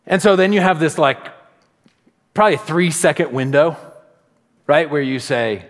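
A middle-aged man preaching a sermon as pastor, telling stories and acting out little asides in an animated way. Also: fairly high pitch, measured pace, long pauses. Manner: animated storytelling with acted-out asides. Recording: long reverb of a large hall.

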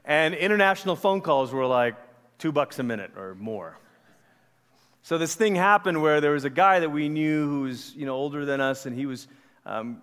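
A pastor in his forties from Malaysia, preaching in a casual, animated storytelling manner to a church. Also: medium pitch. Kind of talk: conversational sermon. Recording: long hall reverb.

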